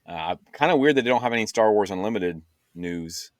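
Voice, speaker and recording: Rambling low-voiced man in his fifties. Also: lively intonation, fairly quick, no echo, clean studio sound. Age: 50s. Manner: rambling, trails off, lots of fillers. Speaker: podcast co-host. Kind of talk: casual chat.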